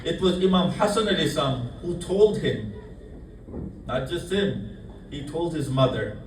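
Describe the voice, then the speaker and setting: A man's voice: on the high side, a little hiss or hum. A man delivering a mourning sermon to a congregation, addressing brothers and sisters and retelling a story in quoted speech. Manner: addresses the congregation, voices quoted figures in the telling. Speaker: speaker at a mourning gathering. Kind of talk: mourning sermon with chanted salutations. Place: mosque hall. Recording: echoey hall, voice from a distant mic.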